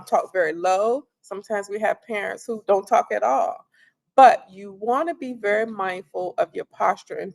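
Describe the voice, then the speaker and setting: Female presenter, middle-aged, calm and conversational, slightly gravelly tone. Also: mid-range voice. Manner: calm, conversational, repeats phrases. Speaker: parenting workshop presenter. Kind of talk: instructional talk.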